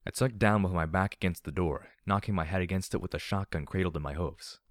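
A man narrating a first-person story in a steady, grave reading. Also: deep voice, fast, no echo, clean studio sound. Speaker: audiobook narrator.

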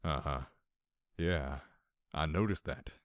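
Guy doing a raspy old ghost pony, grandpa-soft and teasing, super deep and slow. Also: dry recording, studio quality. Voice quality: rasping, feathery. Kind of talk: audiobook character voice.

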